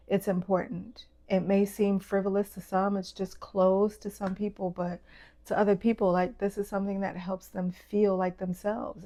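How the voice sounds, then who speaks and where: A woman's voice: medium pitch, warm tone. Heartfelt young woman telling a personal story. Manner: casual, heartfelt, many fillers like "like" and "um". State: tearing up. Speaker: fashion brand owner.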